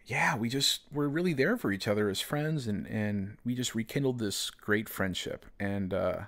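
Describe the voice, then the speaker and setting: A man's voice: on the low side, moderate pace, a bit bright. A man hosting a podcast, telling a personal story in a casual, rambling way, full of fillers. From United States. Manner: rambling, heavy use of "you know" and "man". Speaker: podcast host.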